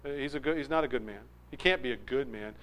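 A man preaching a verse-by-verse sermon, animated, swinging from loud emphasis to low asides. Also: fast, poor audio. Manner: acts out crowd voices.

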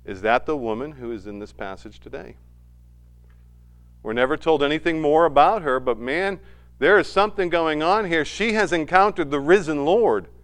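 A man preaching a sermon as a pastor, swinging between loud emphasis and quiet asides and retelling scenes with voiced quotes. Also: a little high, moderate pace.

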